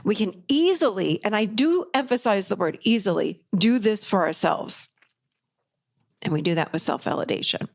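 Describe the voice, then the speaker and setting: A middle-aged woman talks straight to her listeners as a life coach, encouraging and upbeat. She leans on key words with emphatic energy. Her voice sits at an ordinary middle pitch for a woman. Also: expressive, normal speed, creaky. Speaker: podcast host and life coach. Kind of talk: motivational solo talk.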